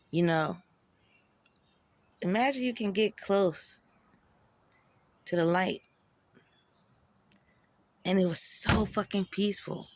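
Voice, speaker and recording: A woman's voice: mid-range voice, takes it slowly, long pauses, no room sound. A woman telling a personal story in a raw, profane, emotional way, with slangy, conversational speech.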